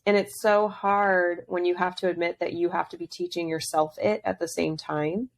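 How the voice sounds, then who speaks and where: A woman's voice: on the low side, fairly even intonation, moderate pace, no room sound. A young woman hosting a podcast and chatting casually with her guest, often agreeing and sprinkling in fillers. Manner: agreeable, many short affirmations and fillers. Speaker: podcast host. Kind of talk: casual interview chat.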